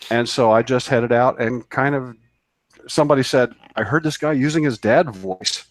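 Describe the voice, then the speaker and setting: A man's voice: medium pitch, moderate pace, no echo. A man co-hosting a radio show, telling a long story in a casual, rambling way, full of fillers and restarts. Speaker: co-host. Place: radio studio.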